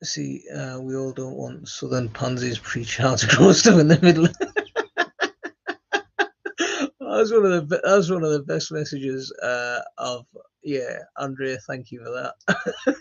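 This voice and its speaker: A man hosting a gardening live stream, reading chat comments and answering in a halting, friendly way with lots of fillers and restarts. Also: medium pitch, fairly even intonation, vocal fry, husky, no room sound. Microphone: phone. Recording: dry, dull lo-fi phone audio.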